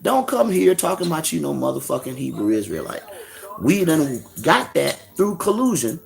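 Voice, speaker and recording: A man's voice: fairly high pitch, sing-song, moderate pace, creaky, faint music behind, full character voice. A man mimicking blunt gatekeepers. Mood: threatening. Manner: blunt, threatening. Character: curt Israeli officials warning a visitor.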